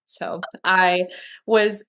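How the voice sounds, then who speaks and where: A woman's voice: lowish voice, little pitch movement, extremely slow, a bit bright, clear, resonant tone. A woman guest telling a personal story in a candid, emotional way, with many fillers and restarts. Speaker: guest sharing her adoption story. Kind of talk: conversational interview storytelling.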